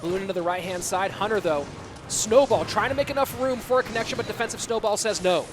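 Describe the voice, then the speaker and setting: Quick and high-voiced, a young man casts a live esports match, calling the action energetically and talking with his viewers. There's noise in the background.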